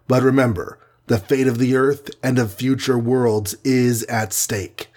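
Man reading as a steady hero leader, calm orders, husky, audiobook. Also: mid-range voice, a little slow, natural voice. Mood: commanding. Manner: calm and commanding. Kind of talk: audiobook character voice.

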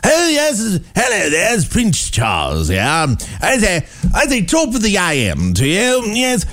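A man's voice: sits high, huge pitch swings, unhurried, fairly bright tone, voice pushed up, exaggerated voice. A man putting on a fussy, pompous elderly queen in a mocking voice. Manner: mocking, over-the-top put-on posh voice.

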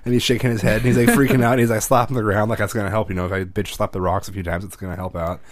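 Man, low voice, dry close sound, rambling storyteller for a chatty family podcast. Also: flat delivery, very fast, no echo. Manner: rambling, repeats words while telling a story. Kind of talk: casual storytelling chat. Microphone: microphone.

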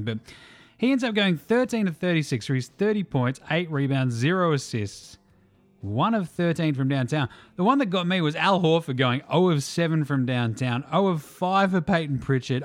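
A man's voice: fairly high pitch, dry recording. A man with an Australian accent hosting a casual, sweary, mocking basketball podcast. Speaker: podcast host. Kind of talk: casual sports chat.

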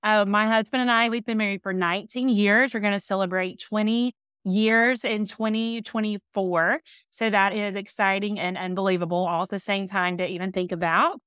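A woman in her thirties with a Southern accent, talking openly and chattily as a podcast guest. Her voice is smooth and clear, and it sounds close and dry. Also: medium pitch, steady tone, moderate pace, dry recording. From Alabama, US. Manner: open, chatty, warm storytelling. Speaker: podcast guest, speaker and author. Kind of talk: casual chat.

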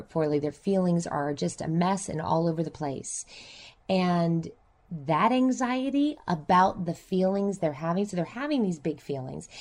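A woman speaking as a counselor guest in an interview, talking reflectively and acting out her clients' voices. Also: lowish voice. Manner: animated, acts out clients' voices.

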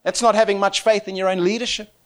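A man preaching a lively sermon, telling stories with frequent laughter and acting out the voices of the people in them. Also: sits high, fast talker. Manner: animated, laughing often, acts out quoted voices.

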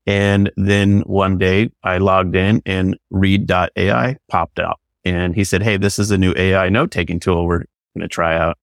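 A man's voice: sits low, little pitch movement, moderate pace, vocal fry, few pauses, dry recording, clean studio sound. A man who works as a business consultant and coach, talking enthusiastically in a loose, rambling way full of fillers. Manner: enthusiastic, rambling, many fillers like "you know". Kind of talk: casual podcast conversation.

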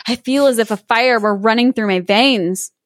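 A woman's voice: on the high side, moderate pace, no room sound, studio quality, lightly acted. Frightened guilty stepmother, read by a woman. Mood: fearful. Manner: fearful, dramatic complaints. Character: guilty, terrified wicked stepmother.

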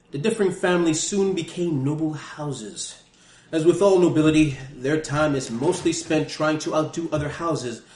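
A man's voice: on the high side, darkish tone, natural voice. A man putting on a British accent to voice a haughty scholar reading a fantasy guidebook aloud. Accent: put-on British. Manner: mock-grand, theatrical. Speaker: dungeon master. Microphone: single USB mic in the middle of the table. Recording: echoey room, one table mic.

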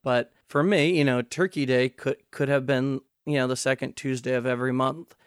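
A man hosting a history podcast, speaking in an earnest, measured way with frequent fillers. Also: medium pitch, fairly even intonation, smooth, dry recording, clean studio sound. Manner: earnest, measured, many "you know" fillers. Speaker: podcast host. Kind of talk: podcast hosting, scripted intro then chat. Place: New York City.

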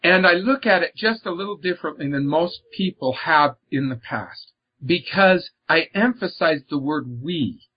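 The lo-fi, slightly muffled clip features a man whose fairly high, husky voice moves at a moderate pace with lively intonation. He's an author and guest talking earnestly about faith in a reflective religious discussion, stressing and frequently repeating his words.

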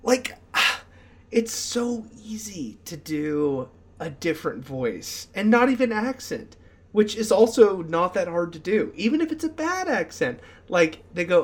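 Excitable man with a higher voice. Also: unhurried. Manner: animated, excitable, many restarts and "like" fillers. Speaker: podcast co-host. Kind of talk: casual chat.

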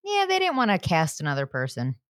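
A woman co-hosting a podcast with playful, quick asides and frequent laughter. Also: on the low side, wildly swooping pitch, fairly bright tone, dry recording, studio quality. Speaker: podcast co-host. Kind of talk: casual chat.

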